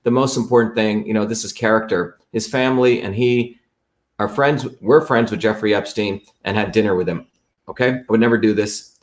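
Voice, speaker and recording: A man's voice: fairly low pitch, steady tone, brisk. A man hosting a live stream, talking emphatically and repeating his points as he walks viewers through a website. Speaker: host.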